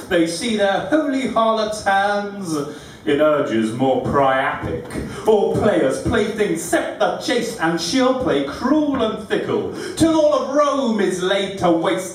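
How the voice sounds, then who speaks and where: A man recites witty rhyming verse at a measured, unhurried pace, his high voice swooping with lively inflection. He is recorded from across a very echoey room, with faint room ambience underneath. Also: recorded from a distance, a little hiss or hum. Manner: rhythmic, deliberate, witty delivery. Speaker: poet performing at a live event. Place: live venue room.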